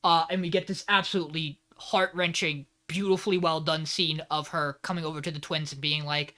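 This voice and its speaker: A man on a podcast rattles through an anime episode recap with loose, rambling energy. His tone is bright and edgy, and he swears casually along the way. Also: on the high side, level tone, a little fast, few pauses. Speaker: podcast host.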